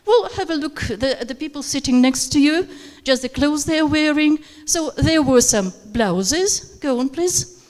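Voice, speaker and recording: This woman's voice is high with a darkish tone at normal speed. As a teacher trainer running a live workshop in a conference room with an audience, she is hesitant, uses many fillers, and prompts participants to take turns, with reverberant hall acoustics.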